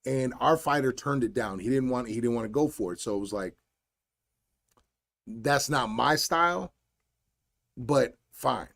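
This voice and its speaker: A man hosting a solo podcast, telling a coaching story in a blunt, animated, slangy way. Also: mid-range voice, unhurried, creaky, pauses often. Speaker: podcast host and fight coach.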